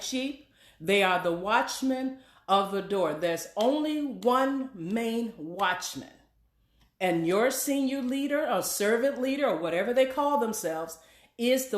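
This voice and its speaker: Woman pastor preaching at her flock, lots of repeated questions, echoey room. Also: mid-range voice. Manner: preachy call-and-response questions. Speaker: executive pastor. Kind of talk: sermon.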